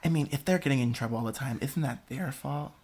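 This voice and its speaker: A young man hosting a podcast in casual chat, expressive and dramatic, laughing often. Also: mid-range voice, fast talker, husky. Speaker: podcast host.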